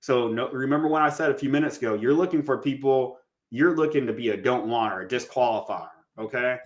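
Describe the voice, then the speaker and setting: A man coaching listeners in a relaxed, conversational way, calling them guys and acting out sample phone lines. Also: medium pitch, a little fast. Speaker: real estate coach. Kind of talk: casual teaching monologue.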